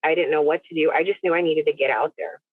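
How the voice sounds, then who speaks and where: A middle-aged woman with a low voice recounts a personal story as a podcast guest. She speaks earnestly and haltingly, often restarting her sentences. The audio is a narrow, dry phone-call line. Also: steady tone, slightly rough, no room sound. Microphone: phone or video call.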